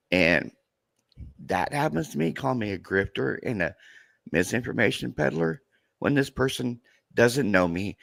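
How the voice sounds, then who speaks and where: A tearful man with a very low voice, speaking haltingly and circling back over his own words. The sound is close and dry, with no room around it. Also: gravelly, a bit bright, dry recording. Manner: halting, repeats himself, voice breaking. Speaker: true crime content creator. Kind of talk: emotional podcast conversation.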